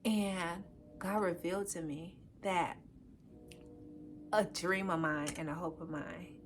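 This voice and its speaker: A woman's voice: fairly low pitch, slow. Young woman, podcast co-host, casual storyteller who acts out the dialogue, faint hiss behind. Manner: animated, acts out quoted dialogue, frequent "I'm like".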